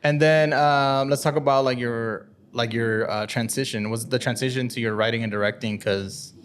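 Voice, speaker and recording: A woman's voice: rumbling low, fairly even intonation, normal speed. A woman hosting a podcast interview, asking questions casually and giving short encouraging replies. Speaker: podcast host.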